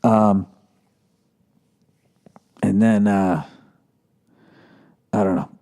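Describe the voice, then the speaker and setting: A man riffs through a solo podcast rant, cursing constantly with a sarcastic edge. His voice has a warm, dark tone, and he sounds riled up. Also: on the low side, steady tone, very slow. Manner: profane, ranting, sarcastic; riled up about sports. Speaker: podcast host.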